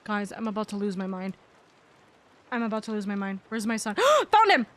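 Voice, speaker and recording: Speaking fairly quickly in a flat, medium-pitched voice, this young VTuber streamer chats casually with her viewers. She gushes a lot and tends to repeat herself.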